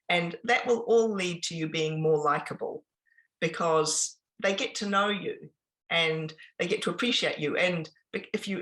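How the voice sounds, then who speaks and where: A woman giving an informal business presentation, chatty and pausing often with ums and restarts. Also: fairly low pitch, fairly bright tone, rough recording. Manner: conversational, with frequent ums and restarts.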